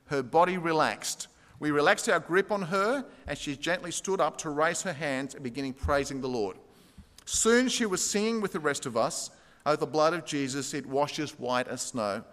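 A man's voice: a little high, fairly bright tone. A man preaching a sermon, telling a story and reading quoted passages aloud with rising intensity. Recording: long hall reverb.

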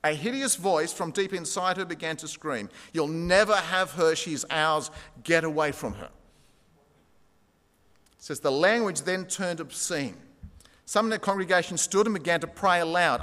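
A man's voice: sits high, fairly bright tone. A man preaching a sermon, telling a story and reading quoted passages aloud with rising intensity. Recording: long hall reverb.

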